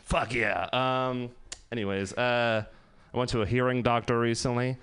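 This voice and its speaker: A man's voice: medium pitch, steady tone, moderate pace, fairly bright tone. A man in his twenties doing a loose, profane stand-up set, laughing often as he tells stories. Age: 20s. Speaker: stand-up comedian.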